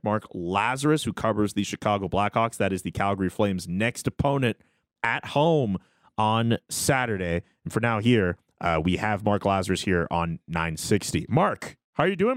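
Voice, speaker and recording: A man's voice: fairly low pitch, moderate pace, no room sound. A man hosting a sports radio show in a studio, chatting casually and upbeat. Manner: lively, laughs easily, upbeat. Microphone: studio mic.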